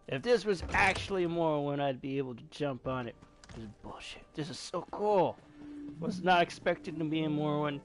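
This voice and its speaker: A young man giving excitable, jokey commentary while playing a video game. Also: fairly high pitch. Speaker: gaming streamer. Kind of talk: casual gameplay commentary.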